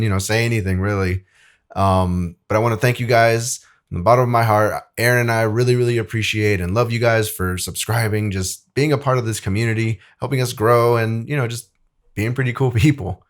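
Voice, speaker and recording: A young man presenting a casual Bible lesson, talking loosely with lots of fillers and reading scripture aloud. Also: mid-range voice. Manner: loose and chatty, many "like"s, acts out quotes.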